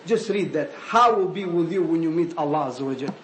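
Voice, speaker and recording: A man giving an animated sermon, often calling listeners "habibi". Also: fairly high pitch, a little fast. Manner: animated, switching between English and Arabic phrases, calling listeners "habibi". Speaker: preacher. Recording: echoey room with faint ambient noise.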